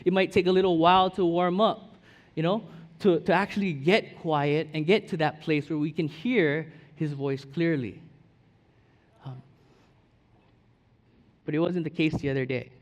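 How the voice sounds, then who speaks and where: A male pastor preaches in a loose, chatty way, often restarting and checking in with his listeners. His voice sits high for a man, and a long reverb rings through the church hall. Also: fairly even intonation, unhurried, pauses often, highs cut off. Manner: chatty, full of restarts and "right?" check-ins. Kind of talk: conversational sermon.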